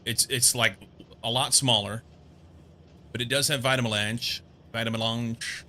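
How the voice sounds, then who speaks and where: Slow rambling guy playing a game, super bright voice, faint noise behind. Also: medium pitch, steady tone. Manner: rambling, self-amused, thinking aloud. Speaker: gameplay streamer. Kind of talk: casual game commentary.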